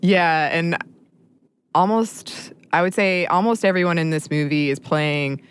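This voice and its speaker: A woman's voice: fairly low pitch, measured pace, a little hiss or hum. A woman co-hosting a podcast in casual chat, chatty and often laughing as she talks. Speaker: podcast co-host.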